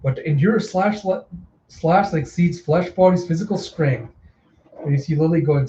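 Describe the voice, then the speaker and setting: A man's voice: on the high side, normal speed, warm tone. A man reading a manga aloud in a casual readthrough, narrating the panels with a few slips. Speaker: reader. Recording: echoey room, dull lo-fi sound.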